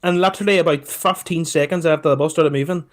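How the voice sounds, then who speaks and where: A Scottish man tells a travel story on a casual podcast. His delivery is animated and full of restarts, and he swears freely. He keeps coming back to "let me tell you something" to build up to each punchline. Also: on the high side, quick pace. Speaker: podcast co-host.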